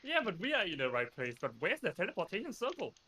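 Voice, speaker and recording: A man's voice: sits high, wildly swooping pitch, fast, pushed and bright, husky. A man playing a tabletop game, speaking casually and playfully. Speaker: player.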